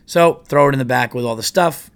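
A man's voice: mid-range voice, fairly quick, smooth. A man hosting a podcast, telling a story in a casual, rambling and profane way. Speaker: podcast host.

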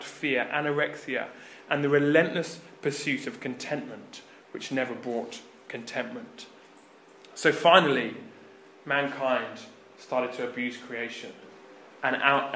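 A man preaching a sermon, retelling scripture as a lively story and acting out the quoted lines with sudden loud rises. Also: fairly high pitch, roomy sound, a little hiss or hum.

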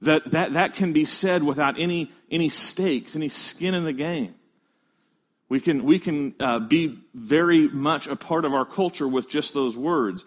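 A man preaching a sermon, emphatic, slowing down to stress key words and explaining a scripture passage he reads aloud. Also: fairly high pitch. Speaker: pastor.

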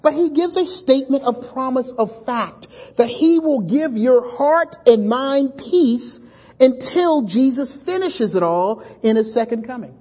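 A male pastor delivers a sermon with animated energy, often restarting his words and slipping into voices for his stories. The recording is dull and lo-fi. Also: very high voice, unhurried.

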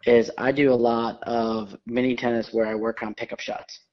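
A man who directs tennis, a guest in a casual interview who tells relaxed stories and gives quick affirmations. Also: medium pitch. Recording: dull lo-fi recording.

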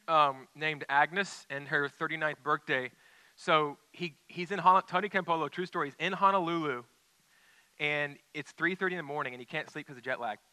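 Bright-voiced man preaching conversationally. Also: a little high, smooth, no echo, poor audio. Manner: conversational storytelling, drops to quiet intensity. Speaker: pastor. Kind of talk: sermon.

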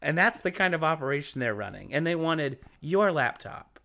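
A man's voice: fairly high pitch, moderate pace, creaky. Profane young man telling stories. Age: late 20s. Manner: profane, animated storyteller who acts out the people in his stories. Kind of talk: casual chat, storytelling.

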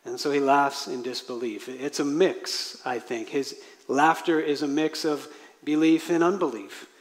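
Male pastor, slightly higher voice, earnest sermon delivery, reverberant sanctuary. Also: steady tone, a little slow. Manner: earnest, acts out quoted prayers with rising intensity. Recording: long hall reverb.

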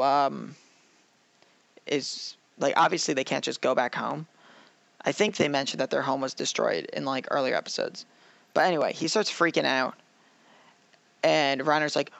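A man's voice: a little high, creaky, no room sound. Young man ranting about a show. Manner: animated, ranting, acts out characters' lines. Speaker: podcast co-host. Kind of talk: casual anime review chat.

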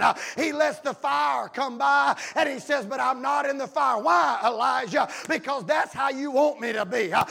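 A man pastor preaching a sermon, filling pauses with "uh" and swinging from shouting to near whispers. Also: very high-pitched, vocal fry, slightly rough. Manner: shouting preacher with many "uh" fillers, swings from yelling to hushed.

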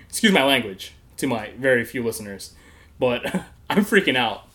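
A man's voice: mid-range voice, sing-song, measured pace, bright, forceful tone. A young man hosting a podcast, telling a story in casual chat, laughing often and swearing freely. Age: young adult. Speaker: podcast host.

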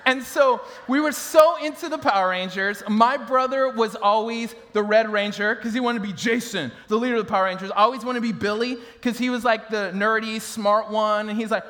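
A man in his thirties preaches to his congregation in a notably high voice. He tells family stories with easy humor and often breaks into laughter. His words ring out through a large, reverberant hall. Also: fairly quick, few pauses. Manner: animated storytelling, laughing with the crowd. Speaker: pastor. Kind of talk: sermon.

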